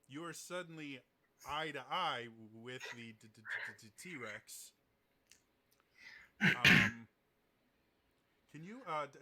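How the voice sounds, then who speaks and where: A man narrating as game master, with a heavy stutter that catches on first sounds of words. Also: mid-range voice.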